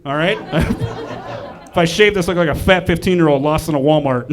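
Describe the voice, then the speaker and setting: A young man doing a stand-up comedy set on a club stage. He is lively and self-deprecating and acts out the people in his stories. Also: fairly high pitch, normal speed, some chatter behind.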